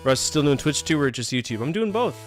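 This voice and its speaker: A man's voice: a little high, sing-song, fairly quick. A man in his thirties streaming a game live, joking, complaining sarcastically and chatting with viewers. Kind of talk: live gameplay commentary. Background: faint game music.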